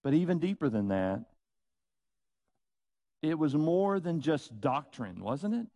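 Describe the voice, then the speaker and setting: Male preacher, slow emphatic sermon delivery, fairly high voice, dry sound. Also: sing-song, gravelly, mellow, dry recording. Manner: slow, emphatic preaching with dramatic pauses and rhetorical questions. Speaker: pastor.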